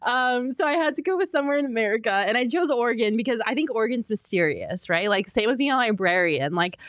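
A woman's voice: fairly high pitch, animated, quick pace, fairly bright tone, dry recording, clean studio sound. A young woman co-hosting a sports talk show, chatting casually and laughing often. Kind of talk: casual chat.

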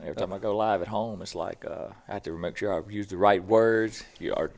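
Hoarse slow-drawling Southern man. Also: on the low side, steady tone. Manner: slow drawl, laid-back storytelling. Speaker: podcast guest. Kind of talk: casual chat.

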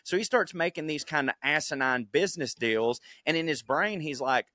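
A man co-hosting a casual podcast, telling a story in a loose and profane way. His voice is bright and forward. It sits on a dry, close mic with no room sound. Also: on the high side, animated, fairly quick, hardly any pauses, dry recording. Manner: profane, rambling, acts out quotes in silly voices. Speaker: podcast co-host.

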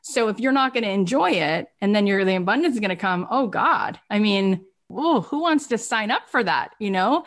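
A woman coaching her students on a call. Her voice sits at a middle pitch, and she drives her points home with repeated questions and firm emphasis. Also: animated, moderate pace. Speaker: business coach.

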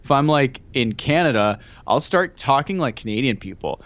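A man's voice: mid-range voice, expressive, moderate pace, fairly bright tone, no echo. Man with a dull, dry, lo-fi sound. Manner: rambling, joking, lots of "like" fillers. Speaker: podcast co-host. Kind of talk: casual chat.

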